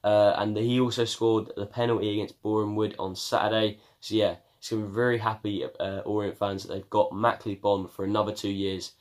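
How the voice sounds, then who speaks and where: A man's voice: fairly low pitch, little pitch movement, brisk, few pauses. A young man from England giving a casual football news roundup on his video channel, chatty and full of ums and uhs. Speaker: football vlogger.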